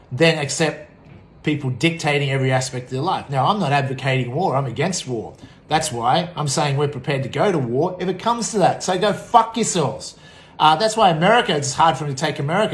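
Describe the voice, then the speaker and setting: A combative Australian man rants with crude, profane language. His voice sits a little higher than most men's, and it swings from near-shouts down to low mutters. The room around him is bright and echoey. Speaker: vlogger. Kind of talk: angry political rant.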